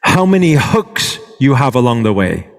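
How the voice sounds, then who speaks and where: With a medium-pitched voice, vocal fry, and a very animated delivery at normal speed, a man teaches a workshop to a live audience in a large reverberant hall. He keeps moving as he talks and often checks in with the crowd.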